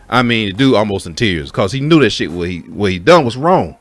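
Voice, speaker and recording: A man with a very low voice recounts a personal story in a loose, candid way. He swears freely and addresses his listeners directly as folks. Faint music plays underneath. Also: animated, fairly quick, few pauses, a bit bright. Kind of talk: casual spoken story.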